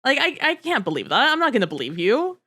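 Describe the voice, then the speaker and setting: A woman co-hosting a casual book discussion podcast, chatty and animated, acting out characters' lines and swearing casually. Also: a little high, fast talker, husky. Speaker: podcast co-host.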